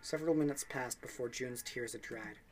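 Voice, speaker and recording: A man's voice: medium pitch, a little fast, faint music behind. A young man reading a game's story text aloud for a let's play, with offhand asides and small slips.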